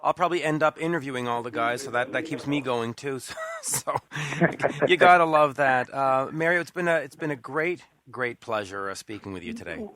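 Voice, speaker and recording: A man's voice: mid-range voice, normal speed, hardly any pauses, fairly bright tone. A man hosting a podcast, chatting with a guest and signing off the show. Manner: friendly, chatty. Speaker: podcast host. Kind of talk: interview and sign-off.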